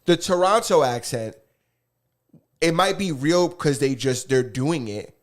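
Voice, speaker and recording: A man's voice: fairly high pitch, lively intonation, unhurried. A young man, co-hosting a podcast in casual, joking banter and swearing freely. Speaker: podcast co-host. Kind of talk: casual chat.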